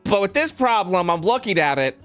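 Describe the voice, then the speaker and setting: A man's voice: high voice, big pitch swings, fairly quick, fairly bright tone, soft background music. A man co-hosting a casual podcast, ranting and swearing a lot and repeating himself. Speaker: podcast co-host.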